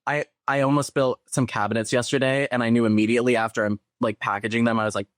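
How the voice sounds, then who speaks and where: A man's voice: medium pitch, fast talker, hardly any pauses, dry recording, studio quality. A young man from San Diego, a guest on a podcast, chatting casually and telling stories with a laugh. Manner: chatty, laughs often, animated storytelling. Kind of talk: casual chat.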